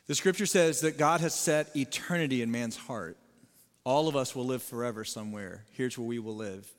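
Preaching man in a reverberant hall. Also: moderate pace. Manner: emphatic preaching, rising loud then dropping low and sober. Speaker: pastor. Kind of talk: sermon.

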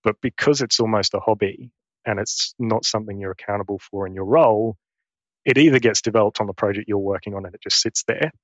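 A man's voice: fairly low pitch, quick pace, dry recording, dull audio. A man in his forties from England, his Essex English accent turned Australian, telling his career story as a guest with earnest, restarting speech. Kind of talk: conversational interview.

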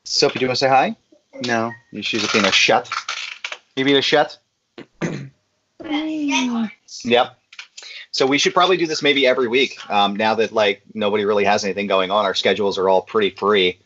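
A man's voice: fairly low pitch, fairly bright tone, slight background noise. A man with a chesty cough, chatting casually on a group call and rambling with lots of fillers. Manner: rambling, halting with many fillers. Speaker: podcast co-host. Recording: muffled lo-fi call audio.

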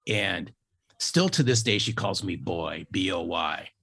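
A man in his fifties with a very low, gravelly voice that has a husky edge. He tells his stories with emphatic repetition, hammering key phrases home like a seasoned sales coach. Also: lively intonation, measured pace, fairly bright tone. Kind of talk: storytelling interview talk.

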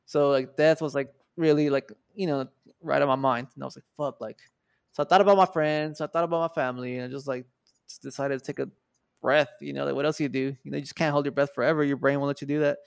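A man's voice: mid-range voice, fast, vocal fry, smooth, no echo, studio quality. A man in his twenties, a podcast guest, casually retelling a story with lots of swearing and acted-out quotes. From Mexico. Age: 20s. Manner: profane, animated retelling with quoted dialogue.

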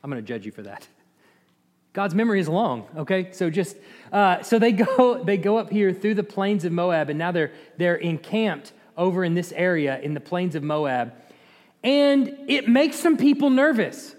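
A man's voice: high voice, lively intonation, moderate pace. A man giving informal Bible teaching in a conversational way, quizzing his listeners and chuckling now and then. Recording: echoey hall reverb.

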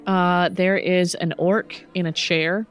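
A woman runs a tabletop game in a relaxed, teasing way and laughs lightly between rulings. Soft music plays faintly behind her. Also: fairly low pitch, takes it slowly. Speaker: game master.

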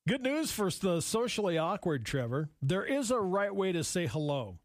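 A man co-hosting a casual radio show, his voice sitting a bit high and swinging through a wide range. He reads out trivia and laughs easily between lines. The studio sound is dry and close. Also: moderate pace, no echo. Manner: animated, laughs often, reads out trivia items.

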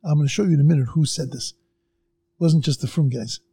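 A middle-aged man on a podcast telling a story in casual chat, acting out what other people said with sudden jumps in pitch. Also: a little fast, dark tone. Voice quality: gravelly and husky. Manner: acts out quoted people with big jumps in pitch.

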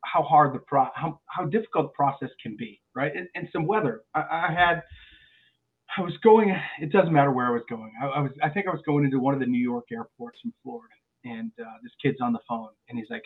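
A male airline pilot, a guest on a podcast, telling stories in a lively way and often restarting his words. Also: a little high, fast talker. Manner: animated storyteller with frequent restarts and repeated words. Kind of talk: podcast interview chat. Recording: phone-like narrow sound.

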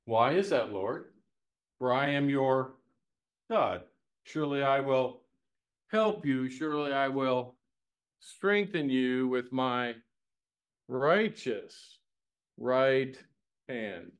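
In a mid-range voice, a man teaches the Bible to a live audience in a chatty, lively, folksy style. He poses plenty of rhetorical questions laced with homespun humor, speaking slowly and pausing often.

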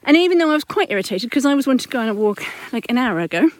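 A woman's voice: high voice, lively intonation, racing, darkish tone, no echo. A mother hosting a parenting podcast, talking candidly and chattily while walking up a hill outdoors at dusk. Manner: candid, chatty, self-correcting. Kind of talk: casual reflective monologue.

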